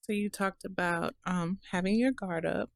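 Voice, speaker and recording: A woman's voice: mid-range voice, moderate pace, dry recording, clean studio sound. A woman hosting a podcast, asking her guest questions and affirming often. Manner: affirming, frequent "mm-hmm". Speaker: podcast host. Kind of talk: interview questions.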